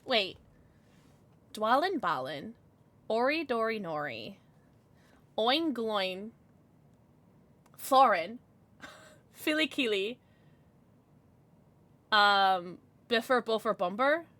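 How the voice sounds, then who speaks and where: A young woman streaming live, chatting casually with her viewers and squealing with excitement as she reads chat. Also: on the high side, extremely slow, long pauses, dry recording. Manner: chatty, bubbly, squeals when reading chat.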